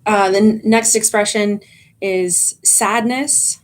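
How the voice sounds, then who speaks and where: A woman chaplain giving a gentle training talk to volunteers, calm and explaining, with frequent ums and restarts. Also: medium pitch, takes it slowly.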